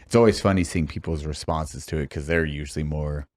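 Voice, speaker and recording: A man in his thirties hosting a podcast interview, telling stories loudly with laughter and swearing. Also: very deep voice, fairly quick. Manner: loud, laughing storytelling with swearing. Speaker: podcast host.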